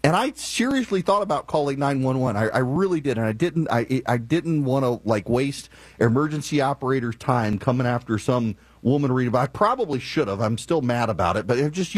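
A man telling a driving story and ranting in an animated, opinionated monologue. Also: mid-range voice, brisk, few pauses, dry recording.

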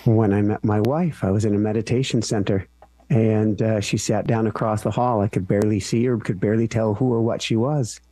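A man's voice: fairly low pitch, steady tone, brisk, mellow, no room sound. A man who is a guest on a radio talk show, speaking in an earnest, teacherly way. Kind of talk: radio interview.

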